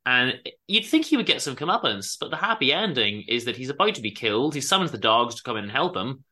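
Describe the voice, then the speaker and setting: Man, podcast co-host, lively pitch, bright tone, casual book chat, animated retelling. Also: fast. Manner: animated storytelling, acts out characters; many ums and self-corrections.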